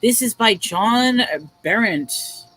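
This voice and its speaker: A woman with a fairly high voice hosts a live online book sale in a casual, chatty way. She reads back-cover blurbs aloud with a touch of drama and laughs often between items. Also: animated, takes it slowly, fairly bright tone, slight background noise, poor audio. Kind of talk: casual live-stream selling.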